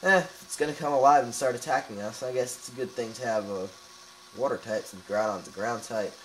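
A young man hosting a let's play, chatting casually over gameplay with sarcastic asides and bursts of excitement, filming in a room. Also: medium pitch, brisk, a little hiss or hum, poor audio. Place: room with camera filming the screen.

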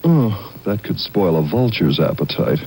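A man voicing a finicky, world-weary house cat in a commercial, droll and slow-spoken with a husky voice. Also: deep voice, very animated, a little mellow, exaggerated voice, low-quality recording. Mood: grumbling. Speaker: cat in a pet food commercial. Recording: old TV ad audio with music.

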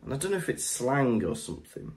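A man's voice: mid-range voice, huge pitch swings, quick pace, vocal fry, a little mellow. A man co-hosting a podcast in casual chat, making wry asides and laughing often. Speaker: podcast co-host.

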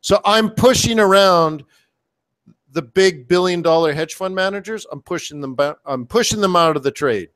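Trading coach, male, slightly high voice, excitable, slangy, talking over a webcam stream. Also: normal speed. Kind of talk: live trading commentary. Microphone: webcam setup.

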